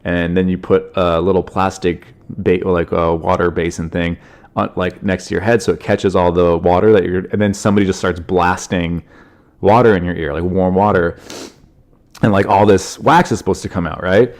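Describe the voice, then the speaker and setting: A man's voice: low-pitched, moderate pace. Sniffly man rambling through a story. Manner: animated, rambling, frequent fillers. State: congested from a cold, sniffling. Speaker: podcast host, comedian. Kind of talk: casual solo podcast storytelling.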